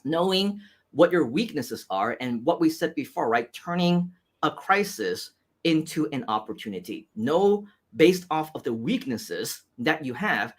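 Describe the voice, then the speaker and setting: A man's voice: a little high, sing-song, a little slow, husky. A man with an American accent hosting an interview, talking through motivational points and tagging many lines with "right?". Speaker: host.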